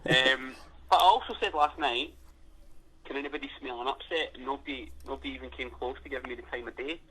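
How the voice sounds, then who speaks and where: Bloke cohosting a fight podcast, swears a lot, bright husky voice. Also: male voice, medium pitch, quick pace, rough recording. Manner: blunt, sweary, enthusiastic. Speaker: podcast co-host. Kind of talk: casual chat.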